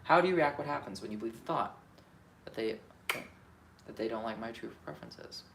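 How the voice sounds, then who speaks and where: A vlogger with a gravelly, mid-range voice and a slightly fast pace thinks aloud on his own, candidly questioning himself about his feelings. He swings from muttering to emphatic outbursts and swears freely. The room has a clear echo and a faint hum of ambient noise.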